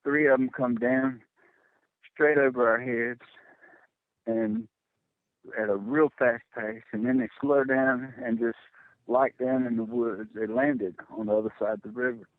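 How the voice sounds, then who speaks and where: A middle-aged man telling a personal story as a radio guest, halting and repeating words when it gets tense. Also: medium pitch, no room sound. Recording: tinny phone line, dry.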